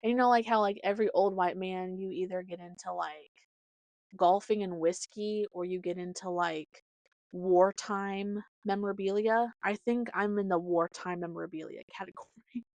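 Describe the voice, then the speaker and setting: A young woman from Nebraska hosting a podcast, telling rambling stories in a chatty, casual way with lots of fillers and animated quoted voices. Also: mid-range voice, moderate pace, no room sound. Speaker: podcast host. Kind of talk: casual storytelling monologue.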